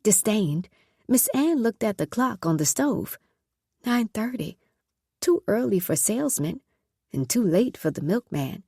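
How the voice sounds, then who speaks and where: A woman narrating a story in a measured, scripted audiobook reading. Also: medium pitch, lively intonation, a little mellow, no room sound, clean studio sound.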